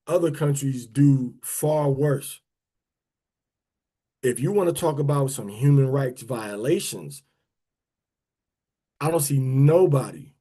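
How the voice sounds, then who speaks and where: A man's voice: mid-range voice, warm tone. A man, talking casually to an online audience, rambling with restarts and drawling words for emphasis. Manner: rambling and conversational, with many restarts. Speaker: speaker of a prayer and teaching livestream.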